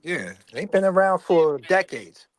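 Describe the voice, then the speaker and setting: Man, slightly high voice, laid-back, defensive banter, casual comedic chat. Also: big pitch swings, measured pace. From New Jersey. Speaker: podcast co-host.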